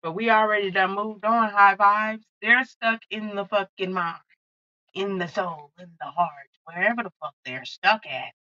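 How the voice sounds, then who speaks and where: Bright, profane tarot-reading woman. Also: medium pitch, normal speed, no echo, lo-fi sound. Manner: blunt, profane, fired-up channeling. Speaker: tarot card reader. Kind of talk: casual tarot reading to viewers.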